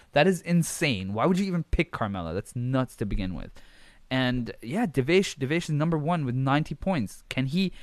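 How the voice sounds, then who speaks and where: A man's voice: mid-range voice, dry recording. Swearing, rambling male podcast host. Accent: switches between accents. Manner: rambling, swears freely, self-correcting. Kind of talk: casual solo podcast talk.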